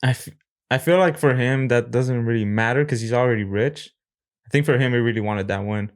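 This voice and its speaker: A man's voice: mid-range voice, brisk. Easygoing man telling stories casually. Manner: easygoing, agreeable, storytelling in a relaxed tone. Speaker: podcast co-host. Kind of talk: casual chat.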